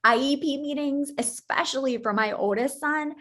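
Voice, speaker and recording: A woman's voice: high-pitched, moderate pace, a bit bright. A woman who is a psychologist and a mother, chatting earnestly and repeating words for emphasis. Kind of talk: casual chat.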